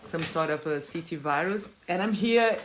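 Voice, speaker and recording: A woman from Brazil hosts a podcast interview, her voice nasal from a cold. She speaks with eager enthusiasm and repeats words for emphasis. Her pitch is lowish, and faint noise sits in the background. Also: moderate pace. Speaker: podcast host. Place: guest's home on an island.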